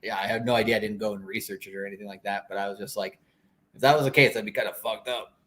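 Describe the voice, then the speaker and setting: A man co-hosting a casual crypto stream. His voice sits low, and he talks in loose, meandering sentences full of fillers. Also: very fast. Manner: relaxed, rambling, fillers like "what do you call it". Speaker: co-host. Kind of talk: casual chat.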